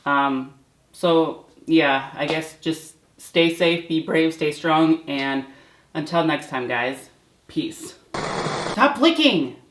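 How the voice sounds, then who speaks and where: A woman's voice: low voice, fairly even intonation, slow pace. A woman hosting a casual home vlog, chatty and informal, often breaking off to scold her cats. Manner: chatty, frequently yelling at her cats mid-recording. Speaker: channel host. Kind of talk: casual vlog talk to camera. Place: at home, indoors. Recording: roomy home recording with faint noise.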